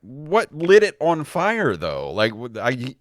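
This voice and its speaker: A man's voice: mid-range voice, huge pitch swings, takes it slowly. A man co-hosting a podcast in casual chat, reacting and asking stumbling follow-up questions. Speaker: podcast co-host.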